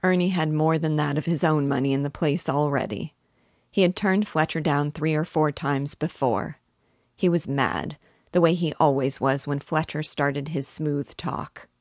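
A woman narrating a novel aloud in a steady, measured way. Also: deep voice, no room sound, studio quality.

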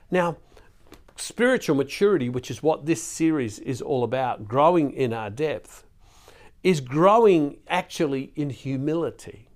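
A man's voice: fairly high pitch, expressive, normal speed, a little mellow. Earnest male preacher, pleading tone. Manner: earnest, pleading, emotional at times; repeats words and restarts. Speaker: Catholic preacher. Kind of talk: devotional sermon to camera.

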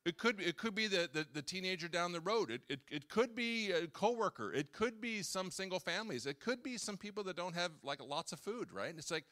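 A man's voice: high voice, a little fast, hardly any pauses. A man in his sixties preaching a sermon in a church, talking casually and acting out little dialogues. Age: 60s. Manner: animated, conversational preaching with acted-out dialogue. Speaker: pastor. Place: church hall.

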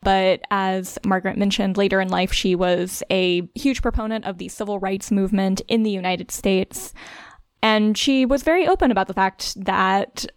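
A woman co-hosting a podcast. Her voice is smooth and clear, and the close recording is dry. She explains things in a chatty way, full of casual fillers. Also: mid-range voice, normal speed, no echo. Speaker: podcast co-host. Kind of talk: conversational podcast discussion.

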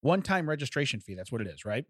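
A man's voice: mid-range voice, very animated, racing, dry recording, clean studio sound. A man telling a long story in casual chat, acting out both sides of a phone call and laughing often.

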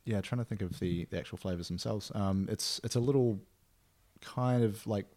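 A man's voice: lowish voice, normal speed, a little mellow. A man co-hosting a podcast, chatting casually, laid-back and agreeable with dry quips. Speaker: podcast co-host. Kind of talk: casual chat.

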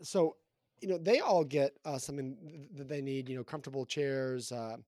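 A man co-hosting a podcast, rambling and halting through his thoughts about a picture book with lots of restarts. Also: mid-range voice, dark tone, dry recording, clean studio sound. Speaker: podcast co-host.

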